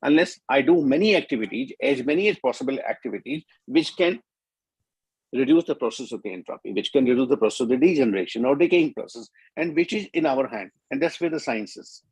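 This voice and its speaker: A man's voice: mid-range voice, animated, brisk, a little mellow, husky, no room sound, poor audio. A middle-aged man with an Indian English accent, giving an earnest conference talk and repeating words for emphasis. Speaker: speaker at a media conference.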